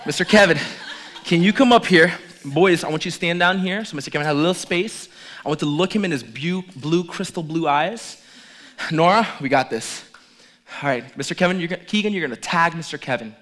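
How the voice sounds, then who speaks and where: Playful pastor with a slightly high voice. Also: male voice, a little fast, a bit bright. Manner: playful, joking with the congregation. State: out of breath at times. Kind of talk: lively sermon with audience demonstration.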